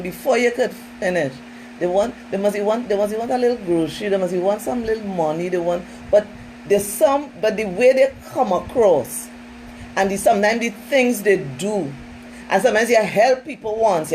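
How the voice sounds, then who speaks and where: A woman trainer speaks to her listeners in an emphatic, conversational way. Her voice sits at an ordinary middle pitch. She keeps turning to them directly, with a faint hum behind her. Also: expressive, moderate pace, a little mellow, low-quality recording. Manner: emphatic, conversational, often says "listen" and "you know". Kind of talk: informal training talk.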